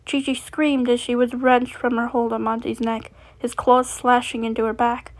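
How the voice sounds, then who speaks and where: A woman reading a fan fiction story aloud, steady, with frequent slips and restarts. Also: a little high, moderate pace.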